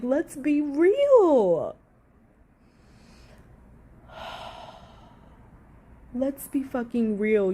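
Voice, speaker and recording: A woman's voice: medium pitch, warm tone. A woman giving heated, profanity-laced reaction commentary, sarcastic and indignant as she rants to her viewers.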